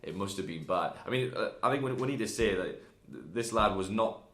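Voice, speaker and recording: Low-voiced man telling stories, echoey room. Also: brisk. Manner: relaxed storyteller, acts out calls with laughs. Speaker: guest. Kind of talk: casual chat.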